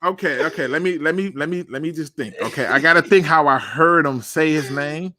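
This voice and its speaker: A man hosting a casual sports talk show, animated and laughing at himself. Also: a little high, a little fast. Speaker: podcast host.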